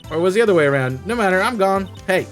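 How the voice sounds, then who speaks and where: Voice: medium pitch, animated, quick pace, faint music behind, voice pushed up, lightly acted. A streamer voicing a brash, folksy Southern woman photographer with a drawling accent. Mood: sassy. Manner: folksy, drawling, full of sayings.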